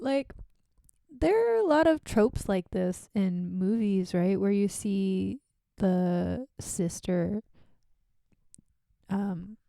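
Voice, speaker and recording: Brief: young woman streamer, sick, gravelly voice, chatty tangents, dry close mic. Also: mid-range voice, mellow, no room sound. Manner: chatty, rambling, giggly asides. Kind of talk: casual live-stream reading with side commentary.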